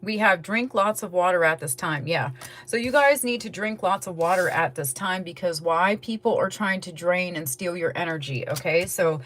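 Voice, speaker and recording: A woman's voice: lowish voice, moderate pace, fairly bright tone. Chatty woman giving a tarot reading. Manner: chatty, rambling, yawning often. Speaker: tarot reader. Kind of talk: casual tarot reading to camera.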